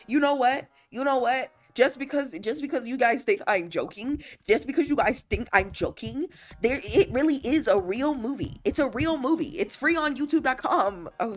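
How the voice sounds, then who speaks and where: A woman livestreamer in a casual chat, laughing often and teasing as she reads chat messages aloud and answers them. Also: on the high side. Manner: playful, teasing, animated.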